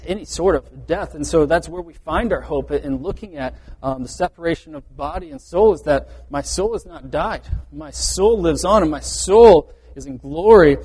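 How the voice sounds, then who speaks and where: A man's voice: a little high, a little mellow, breathy edge. A man preaching a sermon, explaining verse by verse in an earnest way and often restarting his phrases. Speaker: pastor. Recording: reverberant hall.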